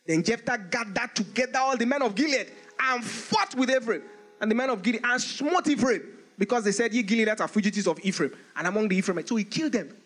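High-voiced animated male preacher. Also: fast. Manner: animated preaching, reads scripture aloud in old English, laughs often. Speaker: pastor. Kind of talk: sermon.

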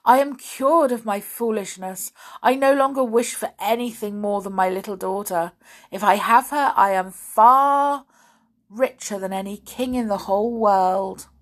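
A woman's voice: medium pitch, a little slow. A woman playing a remorseful old king. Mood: joyful. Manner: pleading, emotional. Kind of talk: storybook read aloud.

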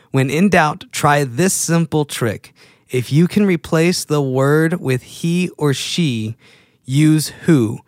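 A man's voice: on the high side, a little mellow, dry recording, clean studio sound. Rambling self-mocking guy vlogging. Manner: self-deprecating, rambling, laughs at himself. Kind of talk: casual chat to camera.

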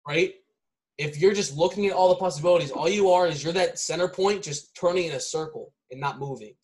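A man with a slightly high voice lays out his ideas slowly and loosely. He repeats phrases and keeps checking in with the listener, full of fillers, in a relaxed podcast chat. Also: rough recording. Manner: rambling, repeats himself, many fillers like "like" and "right?". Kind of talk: casual chat.

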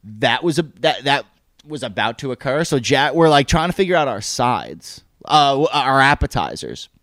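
Animated man telling a profane story. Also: mid-range voice, normal speed, dry recording. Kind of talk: casual chat, telling a funny anecdote.

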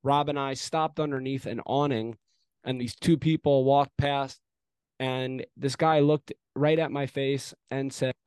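A young man co-hosting a casual sports podcast, telling an animated, profane story and throwing in mock home-run calls. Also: medium pitch, measured pace, smooth, dry recording. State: arm in a sling after shoulder surgery. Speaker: podcast co-host.

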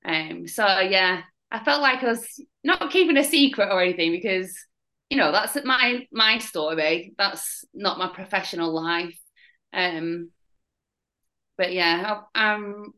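A woman's voice: medium pitch, slow, poor audio. Blunt Northern English woman. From Northern England. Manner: blunt, candid, laughs at dark stories. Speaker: guest, fitness coach. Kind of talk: casual chat.

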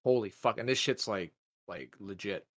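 A man co-hosting a podcast, telling a long story in a loose, profane way, padding it with "like" and acting out quotes in a raised voice. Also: normal speed. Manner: profane, animated storyteller with many "like" fillers; jumps up in pitch when acting out quotes. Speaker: podcast co-host. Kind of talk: casual storytelling chat.

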